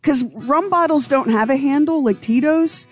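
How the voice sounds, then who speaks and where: A woman's voice: high voice, moderate pace, faint music behind. A woman co-hosting a radio show, telling a story in casual chat and acting out quotes and sounds as she goes. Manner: animated storyteller, acts out quotes and sound effects.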